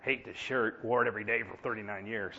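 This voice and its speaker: A man preaching a sermon in an animated, sarcastic, self-mocking way. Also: lowish voice, fast talker, gravelly, slight background noise. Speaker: pastor. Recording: dull lo-fi sound.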